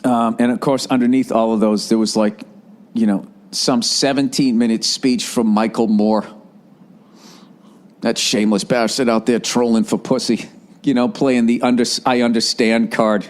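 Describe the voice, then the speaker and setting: A man in his forties hosting a podcast, ranting in a profane, sarcastic, animated comedic style. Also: mid-range voice, moderate pace. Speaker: podcast host. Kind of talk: comedic rant.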